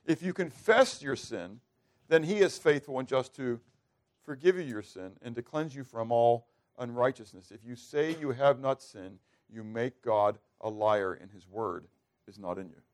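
A man's voice: mid-range voice, moderate pace. Man preaching with questions to listeners. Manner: asks the congregation questions and acts out quoted prayers. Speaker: pastor. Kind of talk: sermon.

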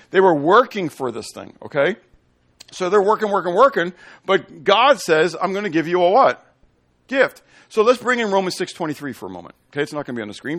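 A man teaching a sermon with a slightly high, very lively voice that jumps around in pitch. He asks the room questions and acts out small everyday scenes to make his point. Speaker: preacher.

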